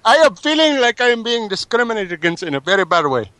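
Man playing an indignant Indian-accented customer on a prank call, pleading and stiffly formal, pitched a bit high. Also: very animated, moderate pace, fairly bright tone, no echo. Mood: offended, indignant. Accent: Indian, put on. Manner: plaintive, insistent, stiff formal phrasing.

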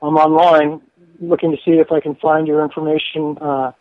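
Higher-voiced businesslike man fielding a phone call, polite, hesitant. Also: level tone, normal speed, no echo. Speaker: bail bondsman on phone.

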